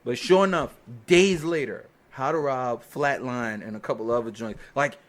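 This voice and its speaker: A man's voice: medium pitch, normal speed. A man, a record producer, telling studio stories in a casual interview, swearing freely and acting out the people in them. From New York. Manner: animated storyteller, acts out quoted voices, swears freely.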